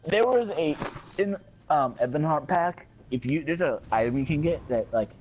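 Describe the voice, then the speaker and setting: Male gaming streamer, lively goofy storyteller, loose casual chat. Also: fairly high pitch, moderate pace, lo-fi sound, slight background noise.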